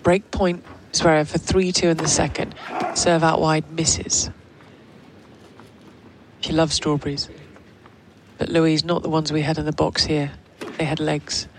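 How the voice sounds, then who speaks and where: A woman commentating live on a tennis match with brisk play-by-play calls. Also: low-pitched, flat delivery. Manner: brisk play-by-play, teasing banter. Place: commentary box at a tennis stadium. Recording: noisy outdoor venue background.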